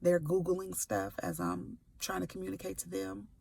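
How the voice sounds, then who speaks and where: Candid, gravelly-voiced woman in her forties. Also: fairly low pitch, sing-song, normal speed, darkish tone, a little hiss or hum. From California. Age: 40s. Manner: candid, playful asides, slangy. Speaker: sickle cell advocate. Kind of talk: personal testimony to camera. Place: before work, recording a video.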